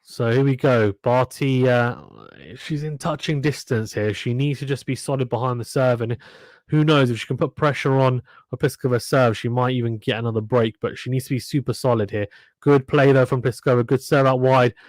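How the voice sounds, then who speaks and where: A man doing casual play-by-play of a tennis match on a live stream, chatting between points and reading viewer comments aloud. His voice sits at an ordinary middle pitch and is recorded close and dry, with no room sound. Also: fairly even intonation, normal speed, a little mellow, no echo.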